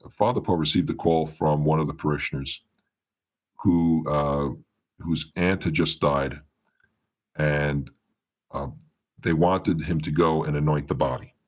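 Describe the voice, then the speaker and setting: Very deep-voiced man telling a story. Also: fairly even intonation, a little slow, long pauses. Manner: meandering retelling with many restarts, acting out quoted dialogue. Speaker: podcast guest. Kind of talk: storytelling in a casual interview.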